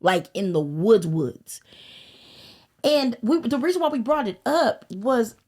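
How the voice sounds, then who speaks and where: A woman from Arkansas telling crude, animated stories in a casual podcast chat. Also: fairly high pitch, measured pace. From Arkansas, American South. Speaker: podcast guest.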